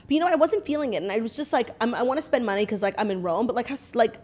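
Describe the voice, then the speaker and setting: A woman's voice: on the high side, lively intonation, rapid-fire, a little mellow. A young American woman co-hosting a podcast, telling rambling stories full of "like" in casual chat. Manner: rambling storyteller, heavy use of "like". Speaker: podcast co-host.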